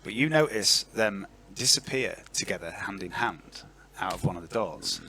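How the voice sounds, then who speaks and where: A man narrating a tabletop role-playing game as game master, in an animated and chatty way. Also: low-pitched, moderate pace, slight background noise.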